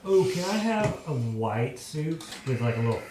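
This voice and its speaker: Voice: medium pitch, very animated, moderate pace. A player at a tabletop game, joking and bantering with the group. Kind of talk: casual chat at a game table. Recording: roomy sound from off-mic with audible hiss.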